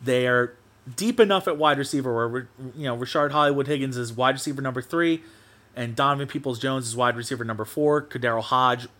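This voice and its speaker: A male podcast host talking alone into his mic, worked up and animated. He rants in a loose, casual way and swears freely as he goes, his voice sitting in an ordinary middle range. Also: mid-range voice, a little fast. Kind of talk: solo sports podcast monologue.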